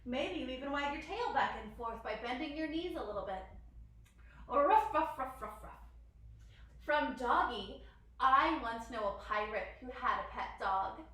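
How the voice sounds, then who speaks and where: A woman's voice: high-pitched, lively intonation, normal speed, pushed and bright. A young woman leading a children's yoga class, bubbly and encouraging, making animal sounds along the way. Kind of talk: guided kids' yoga class. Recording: very echoey room from far off.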